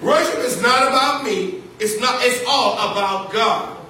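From the pulpit of a church sanctuary, a pastor with a very high, sharp voice preaches a little slowly, repeating key phrases and calling out to his congregation. The echoey hall is picked up by a distant mic with faint noise.

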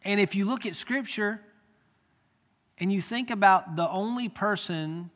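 A man's voice: high voice, a little slow. Earnest preacher man in a reverberant hall. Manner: earnest, rises to loud pleading when quoting. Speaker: pastor. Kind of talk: sermon. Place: church sanctuary. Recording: long church hall reverb.

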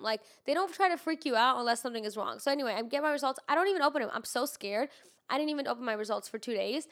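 A woman's voice: a little high, quick pace, a bit bright. A young woman with a congested, nasal voice, chatting casually with lots of "like" and some swearing. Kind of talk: casual chat.

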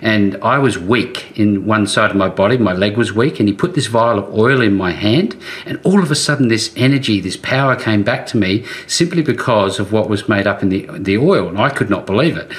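A man hosting an interview show on a remote call. He speaks a little low and asks his questions in a rambling way, with many restarts. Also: expressive, fairly bright tone. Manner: rambling, halting questions with fillers. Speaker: show host.

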